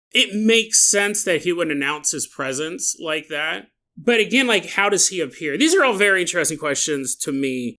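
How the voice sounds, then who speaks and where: Sick, animated man musing on a podcast. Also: a little high, moderate pace. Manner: animated, joking, musing aloud, laughing asides. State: sick with a sore, dry throat. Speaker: podcast host. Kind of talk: solo podcast monologue.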